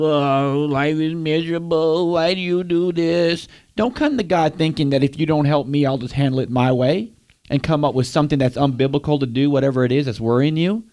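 In this sermon, a man speaks straight to his audience and puts questions to them. His voice is fairly high and a little mellow.

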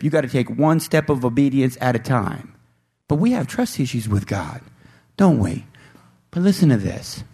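A male pastor preaching a sermon in a church, asking the congregation rhetorical questions and slowing down to stress scripture. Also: fairly high pitch. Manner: slows down to stress scripture readings.

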